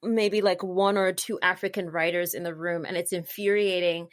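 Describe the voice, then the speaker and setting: A woman hosting a podcast, talking in a bubbly, animated way. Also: on the low side, moderate pace, dry recording, clean studio sound. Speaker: podcast host. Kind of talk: podcast host talk.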